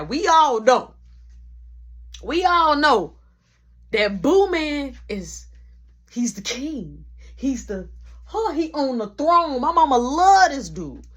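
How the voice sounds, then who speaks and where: A woman's voice: high-pitched, fairly bright tone. A young adult woman telling a story in casual slang, full of sound effects.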